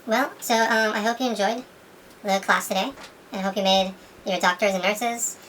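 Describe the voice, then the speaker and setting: A woman's voice: medium pitch, steady tone, moderate pace, fairly bright tone, slight background noise. A woman art teacher giving a craft tutorial, chatting and thinking aloud as she works.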